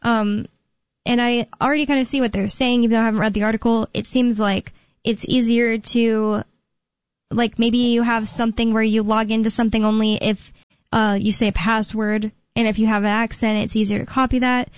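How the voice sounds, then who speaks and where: A woman's voice: fairly high pitch, level tone, clean tone, dry recording. Rambling young woman radio host. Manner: rambling, filler-heavy, quick asides. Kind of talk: casual talk radio chat. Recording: dull lo-fi radio sound.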